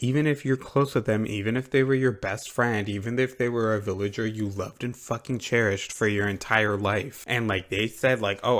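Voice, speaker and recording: A young man hosting a comedic movie recap, sarcastic and dramatic, swearing freely. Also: lowish voice. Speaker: YouTube host.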